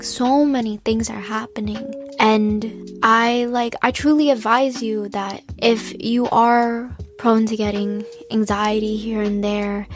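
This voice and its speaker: A nineteen-year-old woman giving casual, earnest self-help advice, often saying "like" and sometimes dropping to a soft whisper. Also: fairly high pitch. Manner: earnest, heavy use of "like", drops into soft whispers.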